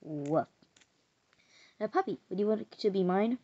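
A woman's voice: mid-range voice, quick pace. A young woman voicing her own homemade cartoon, playful, with sing-song humming and silly noises. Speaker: hobby animator voicing all characters. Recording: dull lo-fi home recording.

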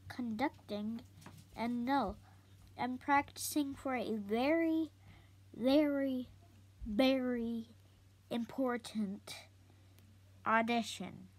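A woman's voice: a little high, animated, very slow, long pauses, exaggerated voice. A woman voicing an earnest bossy schoolgirl. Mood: indignant.

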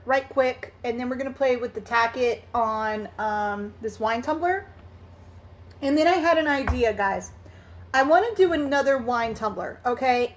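A high-pitched woman hosts a casual live stream while crafting, chatting in a bubbly way, greeting viewers by name, and laughing often.

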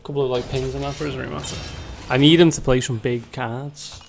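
A man's voice: mid-range voice, steady tone, fast, creaky. A man casually commenting while playing a card game, chatty and muttering to himself.

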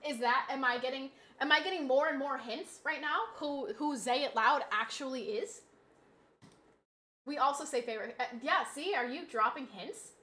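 Bright, high-voiced giggly woman streamer. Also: moderate pace. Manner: giggly, chatty, talks straight to chat. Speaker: game streamer. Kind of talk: casual live-stream chat.

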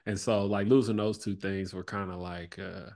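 A man in his thirties speaks as a podcast guest in a fairly low voice. He talks in a loose, relaxed way, full of fillers, and his voice drops and fades as he reflects. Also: moderate pace. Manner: relaxed, lots of "like" and "you know", trails off softly. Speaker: podcast guest, former basketball player. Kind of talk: reflective conversational interview.

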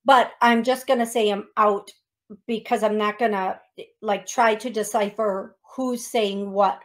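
A woman's voice: mid-range voice, steady tone, measured pace. A woman hosting a radio call-in show as a psychic medium, talking in a chatty way with many restarts and ums.

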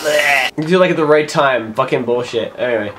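A young man gives casual let's-play commentary in a medium-pitched voice at a fairly quick pace, with background noise behind him. He mutters to himself and swears often out of frustration.

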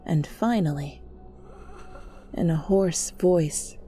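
A woman narrating a fanfiction reading as a whispered role-play, in hushed, deliberate storytelling. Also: fairly low pitch, soft background music. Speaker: fanfiction reader.

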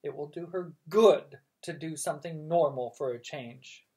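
A woman voicing a rich, bossy elderly great-aunt who issues orders in a loud, haughty way. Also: low voice, unhurried. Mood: imperious.

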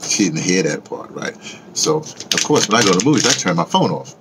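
A man's voice: sits low, big pitch swings, fairly quick, background noise. A man talking casually and rambling in a vlog, chatting about music and his day. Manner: rambling, chatty, sings along to a record. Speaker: vlogger.

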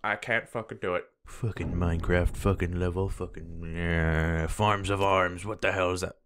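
A young man doing let's play commentary on a game, frantic and swearing, yelling at the game as he plays. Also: low voice, fairly even intonation, moderate pace, slight background noise. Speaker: gaming video host.

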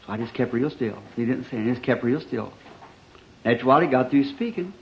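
A man preaching an old-time revival sermon, telling stories animatedly and swinging between loud emphasis and hushed asides, on a dull 1960s church recording. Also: medium pitch, lively intonation, quick pace, a little hiss or hum.

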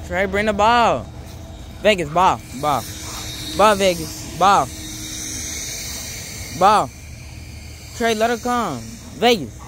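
Casual young guy at a dog yard, lively voice, noisy distant phone video. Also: high-pitched, slow pace, long pauses. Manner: relaxed, calls dogs and chats offhand. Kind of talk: casual family chat.

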